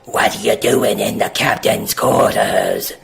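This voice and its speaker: Gruff, bossy horned deckhand brute, low rough voice, suspicious, as a game master puts him on. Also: male voice, wildly swooping pitch, takes it slowly, a bit bright, exaggerated voice. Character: gruff suspicious horned male ship loader.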